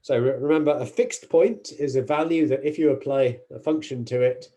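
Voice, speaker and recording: A male university lecturer talks through a mathematics lecture with a mellow, warm tone. He explains carefully, correcting himself and filling pauses with small hesitations. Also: medium pitch. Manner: careful, self-correcting explanations with frequent fillers.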